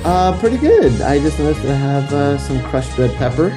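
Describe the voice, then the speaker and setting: Lively, joking young man co-hosting. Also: on the high side, normal speed, music in the background. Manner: laid-back, joking, teasing. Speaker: podcast co-host. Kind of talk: casual podcast chat. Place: home office.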